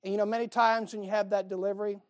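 A man pastor preaching a sermon in a folksy, animated way, firing off rhetorical questions with bits of humor. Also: high-pitched, racing.

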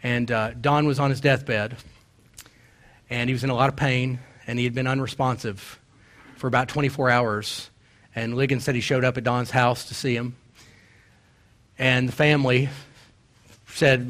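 A man's voice: medium pitch, fairly even intonation, fairly bright tone. Middle-aged man, pastor, sermon, emphatic, stretches out quoted verses. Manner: emphatic preaching with slow, drawn-out quoted verses.

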